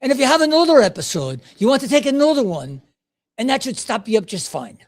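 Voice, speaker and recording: A man's voice: very high-pitched, big pitch swings, quick pace, pitched above the performer's own voice, exaggerated voice. A man voicing a chatty, helpful male Irish pharmacist who explains at length, with an Irish accent. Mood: explaining. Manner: eager, over-explaining, cheerfully loud.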